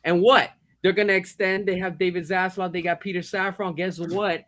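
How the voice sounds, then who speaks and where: A man with a notably high voice rants on a livestream, swearing freely and firing off rhetorical questions. He sounds fired up as he hammers each point home. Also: steady tone, moderate pace, a bit bright. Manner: fired-up ranting with frequent profanity. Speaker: livestream host. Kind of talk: heated casual chat.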